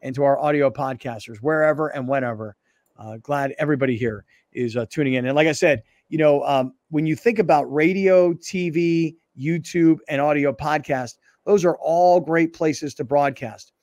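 A male radio and TV show host chatting casually in a studio and acting out stories with lively dialogue. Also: fairly high pitch, moderate pace, no echo. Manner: animated storyteller, acts out dialogue. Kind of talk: casual sports talk show chat. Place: broadcast studio. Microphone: studio microphone.

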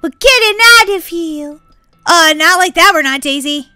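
A woman giving excited gameplay commentary as a channel host, squealing, laughing and crying out in bursts of panic. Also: very high voice, normal speed, dry recording, soft background music. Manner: squealing, laughing, breathless exclamations.

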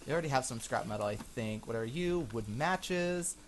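A man's voice: medium pitch, lively intonation, moderate pace. Man, let's-play commentary, jumpy, gasping, chatty, faint background hum. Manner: jumpy, easily frightened, gasping and exclaiming; chatty, talking to viewers as he plays. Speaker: gaming channel host.

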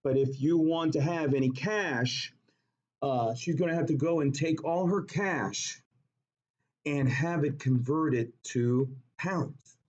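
A man's voice: on the high side, takes it slowly. A man teaching a chemistry class, telling a playful story and quizzing students, in a dull lo-fi recording. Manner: animated, jokey, asks the class questions.

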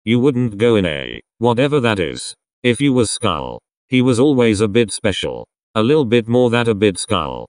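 A young man giving casual reaction commentary in a rambling, sarcastic way with quick asides. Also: on the low side, very animated, dry recording, clean studio sound. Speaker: reaction video host.

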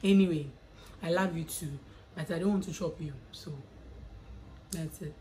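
Young woman, chatty vlog talk, slightly low voice, faint background noise. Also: unhurried, darkish tone, rough recording. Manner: chatty, reads questions aloud then answers playfully. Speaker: YouTuber answering viewer questions. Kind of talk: casual chat.

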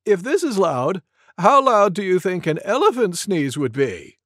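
A man's voice: high voice, sing-song, measured pace, fairly bright tone, dry recording, studio quality, voice pushed up, exaggerated voice. A man voicing a curious little sniffly monkey. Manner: wondering, inquisitive.

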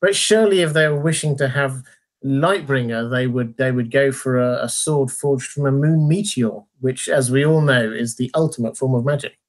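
A man in a casual livestream chat, speaking in a measured, dry, slightly formal way. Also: mid-range voice. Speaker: co-host of a fan discussion livestream.

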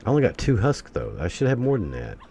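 A man's voice: on the low side, wildly swooping pitch, fast, gravelly, dark tone, slight background noise. A man giving let's-play commentary, talking to himself and bursting into exasperated curses.

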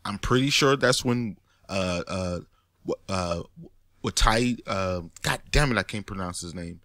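A man talking in a casual monologue, animated and profane, often rising to near-shouts. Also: fairly low pitch, moderate pace, no room sound, clean studio sound. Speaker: commentator.

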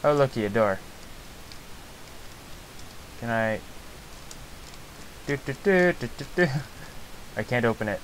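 A man's voice: medium pitch, expressive, slow pace, long pauses, a little hiss or hum, poor audio. A man giving nervous, rambling commentary while playing a video game. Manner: jumpy, rambling, with restarts. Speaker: let's play host. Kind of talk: gameplay commentary.

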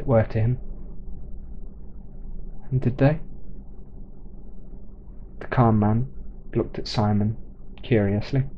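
A man reading a short story aloud in a measured, plain way, in a dull lo-fi recording. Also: lowish voice, slight background noise. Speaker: narrator.

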